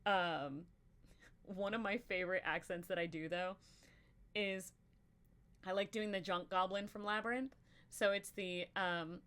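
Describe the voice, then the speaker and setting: A woman hosts a casual chat, rambling and giggly, with plenty of ums and uhs. Her voice sounds bright and crisp, at an everyday middle pitch. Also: fairly even intonation, unhurried, pauses often. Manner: rambling, giggly, lots of fillers. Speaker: podcast host.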